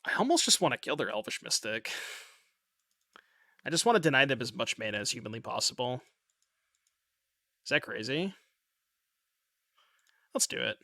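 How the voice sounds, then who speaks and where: Guy with a bright edgy voice thinking out loud over his card game, jumpy up and down intonation, self-mocking. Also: medium pitch, lively intonation, normal speed, gravelly, long pauses, no echo, clean studio sound. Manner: thinks aloud, chatty and self-mocking, swears casually. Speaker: online card game player. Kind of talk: casual gameplay commentary.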